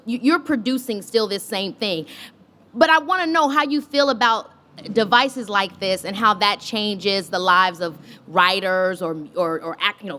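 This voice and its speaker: A woman hosting a podcast live onstage, asking quick follow-up questions and reacting in a playful, excitable way. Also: medium pitch. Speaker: podcast host. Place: live stage with an audience.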